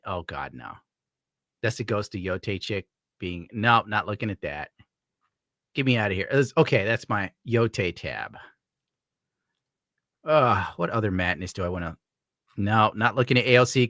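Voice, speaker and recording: Crude, sarcastic man with a bright, lively voice. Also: lowish voice, dry recording, studio quality. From upstate New York. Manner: crude, sarcastic, laughs often. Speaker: streamer host. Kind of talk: casual commentary while browsing.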